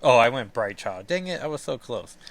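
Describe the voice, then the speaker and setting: A man's voice: medium pitch, sing-song, a little fast. Casual man reading a comic aloud. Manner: chatty, joking asides with laughs. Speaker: comic book reader and podcast host. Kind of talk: casual comic book read-along.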